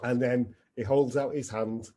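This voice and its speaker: Male speaker, reflective storyteller, mellow, slightly raspy voice. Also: mid-range voice, fairly even intonation, a little slow. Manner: earnest and reflective. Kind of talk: personal storytelling talk.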